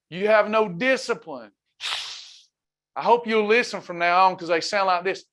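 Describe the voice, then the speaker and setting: A wellness ministry leader with a high-pitched, sharp voice preaches fervently to a live online faith-based class at a moderate pace, reading out members' comments as he goes.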